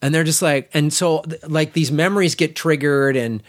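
A man's voice: on the high side, moderate pace. Eager, rambling man reviewing a film. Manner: enthusiastic, rambling with many restarts and fillers. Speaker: podcast co-host. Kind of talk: casual film review chat.

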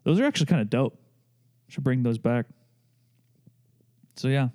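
Podcast host, young man, mellow, loose joking ramble. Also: mid-range voice, animated, normal speed. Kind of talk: casual chat.

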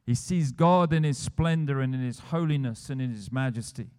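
A man's voice: medium pitch, moderate pace, darkish tone, clear, resonant tone. A man preaching a sermon, retelling scripture scenes and building to emphatic declarations. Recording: long church hall reverb.

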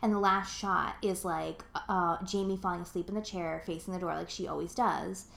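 A woman's voice: on the low side, fairly even intonation, moderate pace, gravelly, fairly bright tone. Rambling young woman in a roomy space. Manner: rambling, filler-heavy, profane and emotional. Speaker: podcast co-host. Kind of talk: casual chat. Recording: roomy echo.

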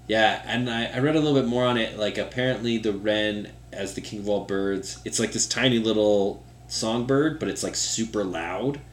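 A man's voice: on the low side, moderate pace, few pauses. A man chatting casually as a podcast co-host, rambling and leaning on "like" as a filler. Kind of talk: casual chat. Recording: roomy echo with faint hum.

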